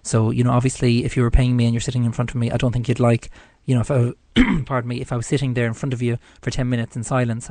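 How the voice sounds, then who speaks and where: A man's voice: mid-range voice, dark tone, no room sound. A man with an Irish accent hosting his own psychic show, chatting in a rambling way with lots of fillers. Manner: chatty, rambling, many "you know" fillers. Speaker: psychic radio show host. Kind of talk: casual solo show chat.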